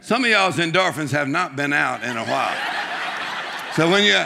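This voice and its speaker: A man preaching a humorous sermon, joking and urging the congregation on with shouts and laughter. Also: a little high, lively intonation, normal speed, vocal fry, background noise.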